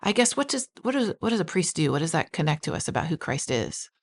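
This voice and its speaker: A woman's voice: low-pitched, big pitch swings, quick pace, breathy edge. A woman pastor talking through a Bible passage in a podcast conversation, reading verses aloud and asking guiding questions. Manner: reads scripture aloud, asks guiding questions.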